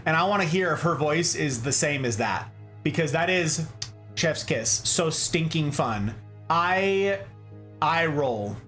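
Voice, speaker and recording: Male streamer, playful and goofy, very animated delivery, faint music under. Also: fairly high pitch, slow. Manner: playful and goofy, breaks into silly voices and catchphrases; slangy, lots of "like" fillers. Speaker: streamer hosting a plant stream. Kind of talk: casual livestream chat.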